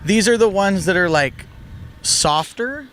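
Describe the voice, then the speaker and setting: A man's voice: sits high, lively intonation, unhurried, crowd noise. An easygoing man bantering as co-host on a casual live stream.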